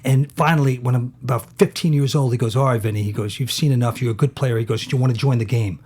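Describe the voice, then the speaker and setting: A man's voice: mid-range voice, fairly even intonation, fast talker, a little mellow, husky. A middle-aged man from the United States, a guest in an interview, telling casual anecdotes and acting out other people's lines. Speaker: actor and poker player, interview guest.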